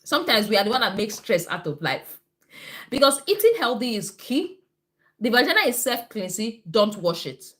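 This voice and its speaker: A woman's voice: fairly high pitch, sing-song, normal speed, a bit bright. A woman, a nurse and midwife, hosting a casual live health stream, chatty and repeating herself as she answers viewer comments.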